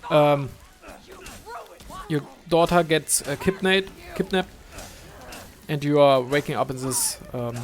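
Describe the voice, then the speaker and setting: A man's voice: fairly high pitch, steady tone, soft background music. Rambling young man streaming a game. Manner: rambling, halting, many fillers and restarts, swears. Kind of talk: casual gameplay commentary.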